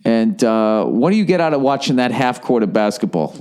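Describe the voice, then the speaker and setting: Forties guy ranting on his podcast at home, swears nonstop, sarcastic, mid-pitched voice. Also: big pitch swings, fairly quick, a little mellow, clear, resonant tone. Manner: profane, sarcastic ranting with mocking impressions. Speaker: podcast host. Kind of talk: solo podcast rant. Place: home in Los Angeles.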